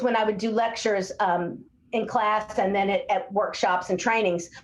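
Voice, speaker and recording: Animated older woman clinician, roomy echo. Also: fairly high pitch, slight background noise. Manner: animated storyteller who acts out voices. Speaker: speech-language pathologist guest. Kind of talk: podcast interview.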